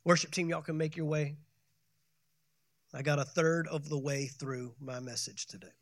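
A pastor preaching a sermon, building to loud emphatic peaks and calling for the congregation to respond. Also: male voice, fairly high pitch, steady tone, normal speed, no echo. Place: church sanctuary.

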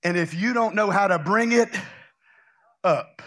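A Louisiana man preaches a loud, exuberant charismatic sermon, filled with folksy stories and shouted praise. His voice sits high and his pace is unhurried.

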